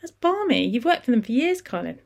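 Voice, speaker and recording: A worried, incredulous wife, voiced by an audiobook narrator, her questions rising high and sharp. She sounds thin-stretched and disbelieving rather than calm. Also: fairly quick, vocal fry. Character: thin anxious woman, the man's wife.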